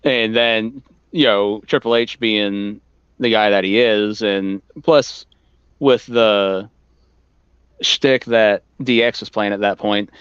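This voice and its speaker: Smooth low-voiced man, dry close sound. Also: fairly even intonation, takes it slowly, fairly bright tone, no room sound, lo-fi sound. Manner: laid-back, swears casually, uses filler words. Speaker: podcast co-host. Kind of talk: casual chat.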